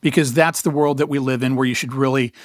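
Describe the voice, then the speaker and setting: A man's voice: medium pitch, steady tone, fast talker, dry recording, clean studio sound. A man co-hosting a podcast, chatting casually and telling a story with wry humor and acted-out dialogue. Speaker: podcast co-host. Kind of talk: casual chat.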